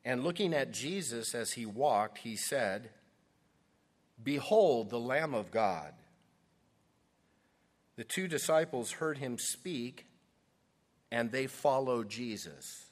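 A man preaching a sermon, earnest and conversational, acting out scenes as he retells them. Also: mid-range voice. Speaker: pastor.

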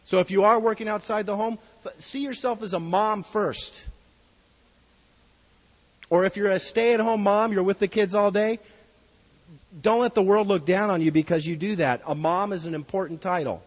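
A man's voice: high-pitched, normal speed, breathy edge, lo-fi sound. Man preaching in an echoing hall. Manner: earnest, reads a story aloud to the congregation. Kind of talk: sermon.

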